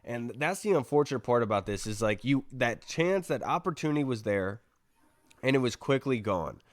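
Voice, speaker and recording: A man's voice: mid-range voice, lively intonation, normal speed, no room sound. A man hosts a sports podcast in a chatty, rambling way, thinking aloud through his points. His voice sits in a middle register and sounds dry and close to the mic. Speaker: podcast host. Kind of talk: casual sports podcast talk.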